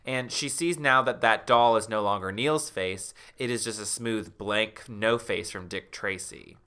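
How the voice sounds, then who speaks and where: A man co-hosting a podcast, retelling a spooky story in an animated way and putting on voices for its characters. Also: fairly low pitch, unhurried, clear, resonant tone. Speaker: podcast co-host. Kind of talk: comedic storytelling recap.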